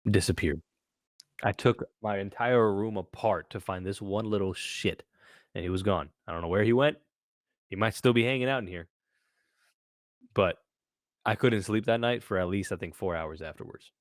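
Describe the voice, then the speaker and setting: Young male podcast co-host, low-pitched, lively sweary storyteller, dry recording. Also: normal speed, long pauses, no echo. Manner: animated storytelling, swears often. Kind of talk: casual chat.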